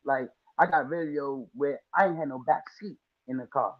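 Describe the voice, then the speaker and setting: A man's voice: medium pitch, normal speed, phone-quality sound. A man from the Washington, D.C. area, a lawn care business owner telling his story as a podcast guest, casual and slangy, acting out quotes.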